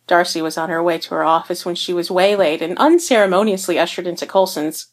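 A woman narrating a fan fiction story aloud in a steady, unhurried way. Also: on the low side. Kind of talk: fan fiction audiobook reading.

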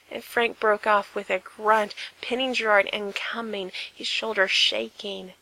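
Woman reading a story out loud, bright voice, slow and intimate. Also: mid-range voice, little pitch movement, creaky, rough recording. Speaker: narrator. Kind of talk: reading fan fiction aloud.

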